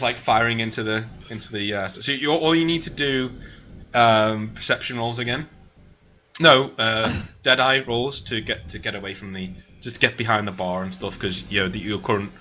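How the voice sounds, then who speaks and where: A man's voice: mid-range voice, fairly even intonation, fairly quick, sharp tone, muffled recording. A man narrating as game master over an online voice call, rambling with lots of filler words and laughter.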